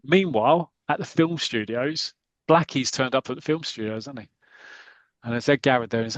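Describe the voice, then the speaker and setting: A podcast host casually retells an old football comic panel by panel. He rambles and gets animated, in an ordinary mid voice with a close, dry sound. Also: medium pitch, normal speed, dry recording, poor audio.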